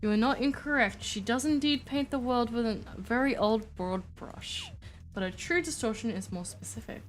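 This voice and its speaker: A woman voicing a calm, formal old mentor, speaking in a measured, soft-spoken way. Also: on the high side, faint music behind, close to an everyday voice.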